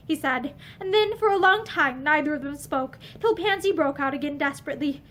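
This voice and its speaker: A woman narrating a novel aloud in a measured, expressive storytelling manner, sitting indoors among bookshelves facing the camera. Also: high voice.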